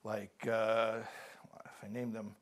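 A man with a lowish voice speaks slowly while giving a live talk, telling jokes in an animated way and acting out the characters. His delivery includes frequent restarts and repeated words.

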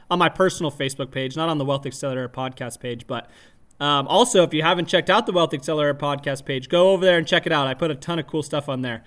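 A man hosting a podcast, telling a story in a casual, animated way, laughing often and acting out his own shouts. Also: on the high side. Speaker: podcast host.

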